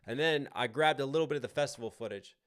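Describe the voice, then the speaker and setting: An American man chats casually on his live stream. His talk is animated and loose, peppered with swearing and quick restarts. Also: medium pitch. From United States. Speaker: livestream host and rapper.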